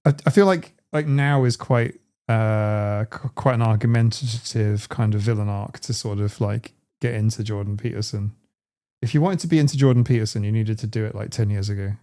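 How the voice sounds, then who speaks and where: A man's voice: on the low side, normal speed, mellow. A man hosting a live stream, chatting casually in a rambling, digressive way. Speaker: streamer host.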